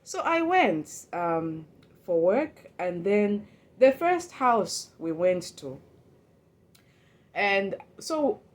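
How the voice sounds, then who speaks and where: A woman's voice: medium pitch, sing-song, drawn-out words. A woman telling a personal story in a casual, emotional way. She often repeats words, restarts, and acts out her own past thoughts. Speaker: storyteller recounting a personal experience.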